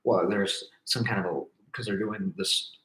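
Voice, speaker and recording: A man's voice: on the low side, fairly even intonation, unhurried, a bit bright. A young man, a musician guest, talking casually and hesitantly as he searches for words. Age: young adult. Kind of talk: casual conversation. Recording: roomy echo.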